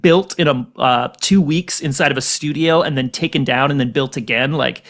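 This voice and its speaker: An American man hosting a podcast in casual chat, joking and self-mocking with quick asides. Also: mid-range voice, a bit bright. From United States. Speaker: podcast host.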